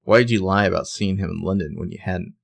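A man's voice: deep voice, quick pace, gravelly, no room sound. A man co-hosting a podcast, recapping a TV episode in casual chat and reading lines of dialogue aloud in a plain voice. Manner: conversational, reads out quotes in a plain voice. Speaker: podcast co-host.

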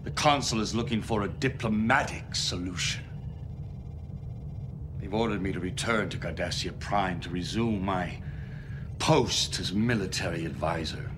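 An actor playing a proud, bitter alien military commander who speaks slowly and defiantly in a TV series. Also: male voice, deep voice, close to an everyday voice. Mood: brooding defiant. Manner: slow, brooding, defiant speech. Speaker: Gul Dukat. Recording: TV clip with clear background noise.

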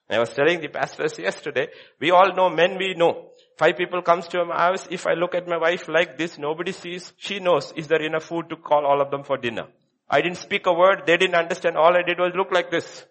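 A man preaches a sermon from the pulpit in a fairly high voice. He drives his points home by repeating short phrases, dropping to a hush and then rising loud again. The sermon sounds like it was recorded in a church. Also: steady tone, a little fast. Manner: emphatic preaching with wide swings in volume, from hushed to loud. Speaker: pastor.

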